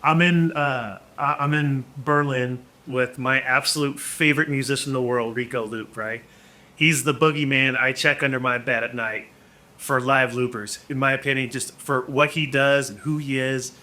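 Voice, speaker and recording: A man in his forties, a musician guest on a podcast, telling stories in a casual, animated way, acting out quotes and restarting phrases often. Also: medium pitch, moderate pace. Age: 40s. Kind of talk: casual storytelling.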